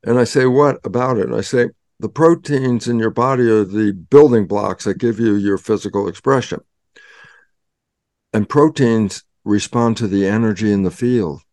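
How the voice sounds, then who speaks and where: A man's voice: lowish voice, normal speed, a little mellow, no echo. Older man, guest scientist, dramatic storyteller, plays both voices in his anecdotes, dry close sound. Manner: dramatic, acts out both sides of his own dialogues. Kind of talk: animated storytelling explanation.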